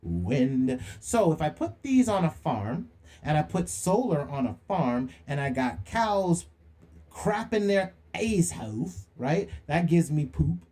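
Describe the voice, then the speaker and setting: A man's voice: on the high side, very animated, slow pace, a little mellow. A young man hosting a livestream monologue, preachy and slangy, firing rhetorical questions and calling people out. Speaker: livestream host.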